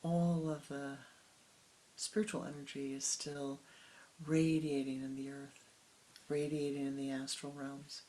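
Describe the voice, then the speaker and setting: Soft-spoken whispering spiritual teacher. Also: medium pitch, flat delivery, slight background noise. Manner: slow, soft, often dropping into whispers; unhurried with long pauses, halting restarts. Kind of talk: meditative sermon.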